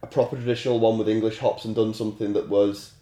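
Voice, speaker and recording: A man co-hosting a casual podcast, explaining things in a measured way while he has a head cold. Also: fairly low pitch, level tone, warm tone. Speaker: podcast co-host. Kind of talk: casual chat. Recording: roomy sound.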